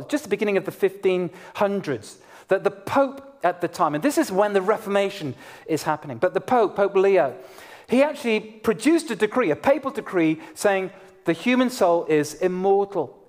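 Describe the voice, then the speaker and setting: A middle-aged man, a pastor, preaching an emphatic sermon to his congregation. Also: sits high. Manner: emphatic preaching with rising and falling intensity.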